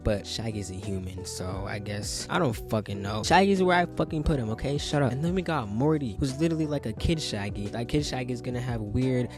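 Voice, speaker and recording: A man's voice: medium pitch, fairly quick, few pauses, music in the background. A man ranting casually into his phone, profane and brash, trash-talking and getting worked up. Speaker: commentator ranking game characters.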